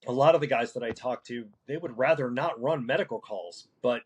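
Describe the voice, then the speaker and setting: A man who works as a paramedic, talking through a casual podcast conversation in a halting way, with many restarts and fillers. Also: mid-range voice, a little mellow, slightly rough, poor audio. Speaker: paramedic guest.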